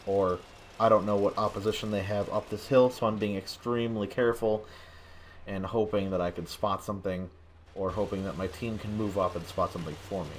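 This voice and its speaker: Young man, tired late-night game commentary, monotone, lowish voice, faint background hum. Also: fairly quick. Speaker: gameplay commentator. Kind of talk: gameplay commentary.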